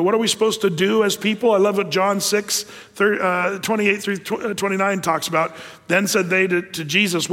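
A man with a fairly high voice preaches a sermon in a loose, conversational way, often pausing on fillers and restarting his sentences. His voice carries a long reverb, as if he is speaking in a big hall. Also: fairly bright tone. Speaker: pastor.

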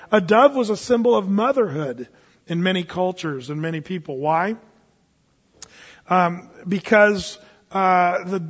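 Husky high-voiced preacher in a hall. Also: male voice, dull audio. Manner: conversational, folksy preaching with chuckles. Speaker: pastor. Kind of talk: sermon.

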